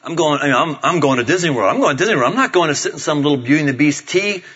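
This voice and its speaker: A middle-aged man preaching a sermon, telling stories in an animated way and acting out the voices of his family. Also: a little high, rapid-fire, slightly rough. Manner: animated storytelling, acts out voices of family members. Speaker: pastor. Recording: dull lo-fi sound.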